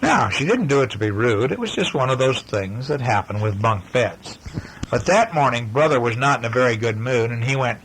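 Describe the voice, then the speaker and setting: A hoarse father reading a bedtime story to his children, gentle and chatty, stopping to talk about the pictures. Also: medium pitch, lively intonation, moderate pace, slight background noise, poor audio.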